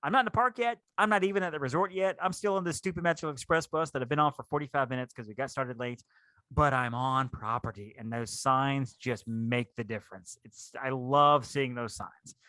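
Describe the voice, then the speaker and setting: A man's voice: medium pitch, fairly quick, pushed and bright, no echo. A man, co-hosting a podcast in casual, rambling chat. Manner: rambling, enthusiastic, repeats words. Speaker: podcast co-host.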